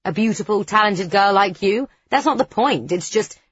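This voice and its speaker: A woman reading a calm, steady young man. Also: mid-range voice, moderate pace, slightly rough, no echo. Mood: steady, persuasive. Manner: calm, reasonable, persistent. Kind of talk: audiobook character reading. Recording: dull, dry studio recording.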